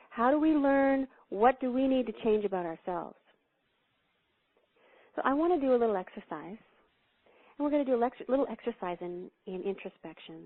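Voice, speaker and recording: A woman spiritual teacher telling stories as an interview guest, animated and laughing, acting out the quotes she tells. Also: on the high side, dry recording. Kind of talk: storytelling spiritual talk. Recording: thin phone-line sound, dry.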